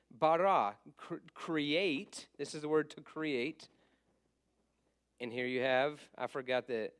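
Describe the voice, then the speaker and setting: A man teaching, fairly high-pitched. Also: a bit bright, smooth. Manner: patient, stops to fix slips and apologizes; asks the class questions and answers them himself. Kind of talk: casual classroom teaching.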